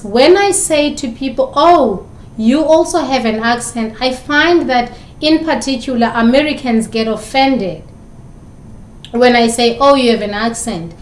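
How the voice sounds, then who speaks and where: A woman's voice: fairly high pitch, echoey room, slight background noise. A woman from South Africa with a South African accent, a communication instructor giving recorded lecture commentary full of probing rhetorical questions.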